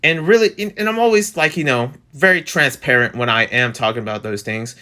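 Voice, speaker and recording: A young man in his twenties hosting a casual commentary vlog, rambling and animated, his voice jumping up when exasperated. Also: a little fast. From New Jersey. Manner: rambling, animated, restarts and fillers, pitch jumps when exasperated. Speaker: vlog host.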